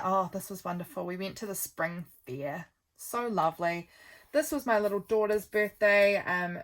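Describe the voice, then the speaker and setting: A woman's voice: medium pitch, a bit bright. A woman, casually chatting and rambling as she flips through her calendar, with lots of ums. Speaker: vlogger.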